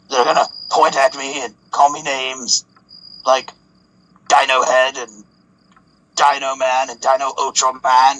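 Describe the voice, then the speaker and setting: A man's voice: mid-range voice, pushed and bright, rough recording. A man voicing a heartbroken, self-pitying young man who whines and stammers. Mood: grumbling.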